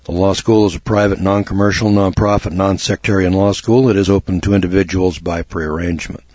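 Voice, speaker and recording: A man's voice: deep voice, fairly even intonation, brisk, a little mellow, no room sound, lo-fi sound. A man hosting a talk radio show, rambling in a folksy, blunt way with lots of fillers and restarts.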